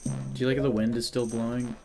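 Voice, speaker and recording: A young man co-hosting a casual let's play, goofy and giggly, stammering a bit and yelling at the screen at times. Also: mid-range voice, flat delivery, quick pace. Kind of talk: casual gaming commentary. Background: game music.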